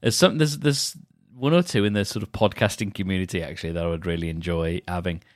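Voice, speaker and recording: A man's voice: low-pitched, fast talker, dry recording. Rambling man, dry close sound. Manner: meandering, self-deprecating, many restarts. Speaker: podcast host. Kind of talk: rambling solo podcast chat.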